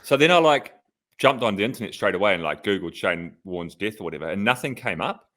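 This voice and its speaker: A man's voice: lowish voice, lively intonation, fairly quick, a bit bright. A man, a podcast co-host and former pro cyclist, telling stories in casual chat, full of "like" fillers. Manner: storytelling, lots of "like" fillers.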